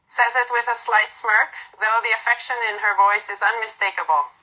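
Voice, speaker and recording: A woman narrating a second-person romantic story in a soft, unhurried reading with small slips. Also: on the high side, steady tone, rough recording.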